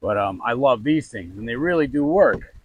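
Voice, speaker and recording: A young man telling a story in casual chat while fishing outdoors, animated and swearing freely. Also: mid-range voice, normal speed, breathy edge, no room sound, low-quality recording. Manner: animated, swearing, mimics others in quotes. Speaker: podcast co-host.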